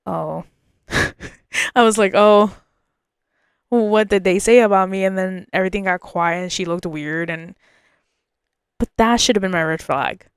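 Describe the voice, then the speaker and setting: A woman's voice: mid-range voice, unhurried, pauses often, clean tone, no room sound, studio quality. A woman hosting a podcast, telling a personal story in an emotional, confiding way and often repeating herself. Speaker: podcast host.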